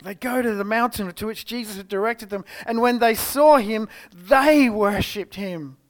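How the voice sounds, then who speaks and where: Expressive Australian preacher man. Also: high-pitched, moderate pace. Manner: expressive storytelling, swinging from loud exclamations to hushed tones. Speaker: pastor. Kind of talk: sermon. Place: church service.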